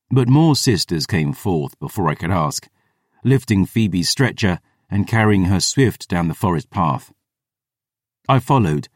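Deep-voiced man narrating a fantasy audiobook. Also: dry recording, studio quality. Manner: measured, descriptive, first-person.

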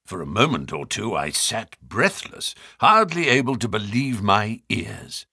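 A man narrates an audiobook in a measured storytelling way. His voice sounds bright, and its pitch moves with plenty of life. It is recorded close and dry, with no room sound. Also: sing-song, vocal fry, slightly rough, no echo. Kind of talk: scripted narration.

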